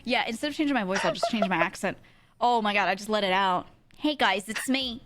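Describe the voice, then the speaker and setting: A woman's voice: mid-range voice, lively intonation, fast, a bit bright, no echo, soft background music. Woman streamer, casual and giggly, swoops up and down as she talks. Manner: giggly, laughs often. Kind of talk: casual chat.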